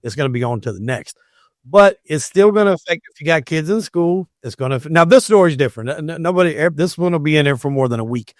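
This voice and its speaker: A man's voice: a little high, lively intonation, fast talker, no room sound, studio quality. A man hosting a podcast, giving emphatic opinions in casual discussion. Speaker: podcast host.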